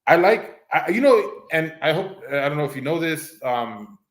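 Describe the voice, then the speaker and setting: A man whose first language is Spanish co-hosts a podcast, chatting casually with many restarts and acting out voices as he rambles. His voice is on the high side with big pitch swings at a moderate pace, recorded with a roomy echo.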